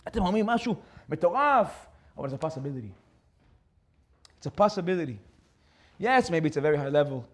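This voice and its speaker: A young man giving an animated, joking Torah class, who acts out characters and mixes in Hebrew words. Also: high voice. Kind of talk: animated sermon with storytelling.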